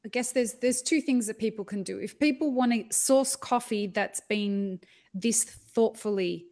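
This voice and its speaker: A woman with an Australian accent hosting a podcast interview, chatty and quick to joke. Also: fairly high pitch, darkish tone. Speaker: podcast host. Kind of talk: casual interview chat.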